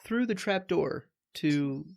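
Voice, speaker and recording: A man's voice: on the high side, animated, vocal fry. A man co-hosting a casual book reread podcast, talking in a wry, joking way with frequent restarts. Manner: wry, jokey, halting restarts. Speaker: podcast co-host.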